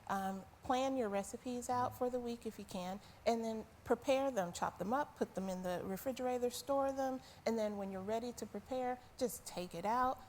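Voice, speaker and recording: A woman's voice: fairly high pitch, normal speed, hardly any pauses, darkish tone, a little hiss or hum. A woman guest on a talk show, earnestly explaining her cooking and giving practical advice. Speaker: guest, food business owner.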